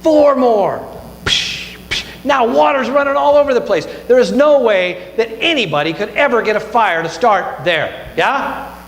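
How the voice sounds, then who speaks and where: A man preaching a sermon, retelling a Bible story with lively asides and questions to the room. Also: very high-pitched, unhurried. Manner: animated storytelling with asides like "right?". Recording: echoey hall with faint mains hum.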